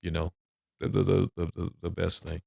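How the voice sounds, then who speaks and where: Here is a middle-aged man with a very low, deep voice, chatting casually on a podcast. He rambles, circles back to repeat his phrases, and swears freely. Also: little pitch movement, moderate pace, creaky, breathy edge. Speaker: podcast guest. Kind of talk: casual chat.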